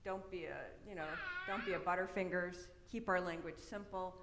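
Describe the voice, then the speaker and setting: Speaking at a fairly low pitch with fairly even intonation, this middle-aged woman moves at a moderate pace through a casual workshop presentation. She's chatty and keeps dropping in "um" and "right?" Long reverb fills the big church hall, along with a little faint noise.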